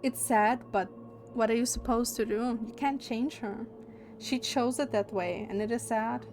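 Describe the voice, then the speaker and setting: A woman's voice: fairly high pitch, fairly even intonation, a little slow, a little mellow, faint music behind. A young woman streamer chatting casually and candidly, opinionated and swearing freely. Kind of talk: casual livestream chat.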